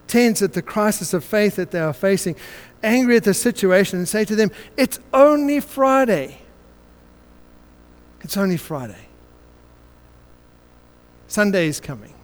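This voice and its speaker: An older man delivers a sermon in a high, smooth and resonant voice. He tells a story and presses it home through rhythmic, mounting repetition. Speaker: preacher.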